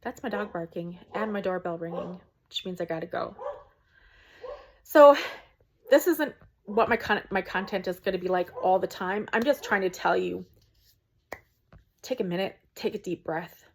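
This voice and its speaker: A woman's voice: on the low side, moderate pace, pauses often, a little hiss or hum. A woman, a small content creator, talking to camera from home in an earnest, preachy rant with frequent ums.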